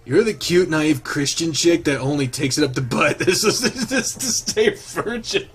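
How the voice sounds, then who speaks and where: A man's voice: a little high, expressive, moderate pace, fairly bright tone, voice pushed up. A man doing Carl, a crude joking goat guy.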